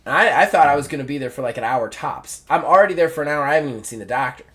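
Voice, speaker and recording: Animated man telling a story. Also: fairly high pitch, racing, slight background noise. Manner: animated, swearing, acts out dialogue. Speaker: podcast host. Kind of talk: casual storytelling.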